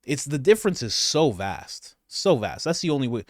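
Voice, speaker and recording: A man, a comedian, giving comedic political commentary in an animated, laughing, incredulous way. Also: medium pitch, moderate pace, no echo, studio quality.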